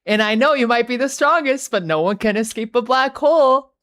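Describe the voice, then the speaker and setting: A woman's voice: a little high, animated, fairly quick, fairly bright tone, voice pushed up. A smug, scheming tech-priest genius taunts his enemy with cocky confidence, as a woman puts him on. The voice sits raised and leans forward. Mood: taunting.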